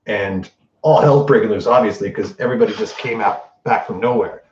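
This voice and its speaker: A host with a lowish voice gives a brisk, unscripted spoiler recap of a TV episode, animated and profane, acting out the characters' lines as he goes. The mic sounds distant, roomy, dull and lo-fi.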